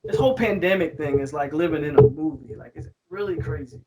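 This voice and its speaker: A man's voice: on the high side, fairly quick. A man hosting a casual podcast, blunt and joking, swearing now and then. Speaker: podcast host. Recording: faint background noise.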